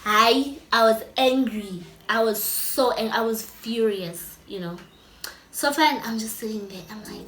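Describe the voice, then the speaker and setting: A young woman tells a story in an animated, chatty way, often turning to her audience directly. Her voice sits high. The room is echoey, and soft music plays underneath. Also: unhurried. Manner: animated, chatty, talks straight to viewers. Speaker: vlogger. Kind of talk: casual storytime.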